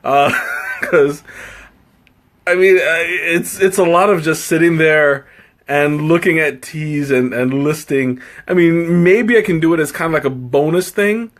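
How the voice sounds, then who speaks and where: On a laid-back tea-tasting livestream, a man with a slightly high, somewhat bright voice chats unhurriedly with his audience. His talk wanders and keeps interrupting itself, full of laughter and playful jabs at his own expense.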